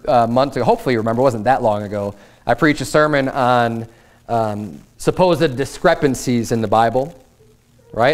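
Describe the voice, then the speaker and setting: A man preaches a midweek Bible study with a voice of ordinary pitch. He reads the old scripture passages aloud, then breaks them down in loose, everyday talk for his congregation. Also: smooth. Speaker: pastor.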